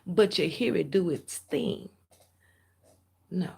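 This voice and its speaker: A woman's voice: lowish voice, expressive, slow, long pauses, mellow. A woman tarot reader giving a blunt, preachy reading straight to her viewers, often dropping into half-whispers. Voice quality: very husky, gravelly. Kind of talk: direct-to-camera tarot reading.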